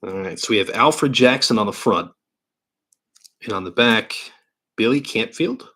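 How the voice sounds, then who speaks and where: Live-stream host, male, from New York, fairly low voice, chatty and upbeat, talks through each pack as he opens it. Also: lively intonation, a little slow, pushed and bright. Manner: chatty, upbeat, thinks aloud while opening packs. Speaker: livestream card-break host. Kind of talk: casual live-stream chat. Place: indoor card-break studio.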